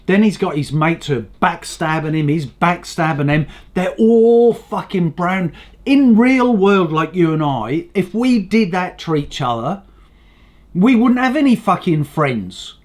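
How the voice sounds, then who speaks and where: A man's voice: animated, measured pace. Profane, blunt male ranter. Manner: swings between loud outbursts and low mutters. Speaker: channel host. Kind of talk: casual ranting commentary.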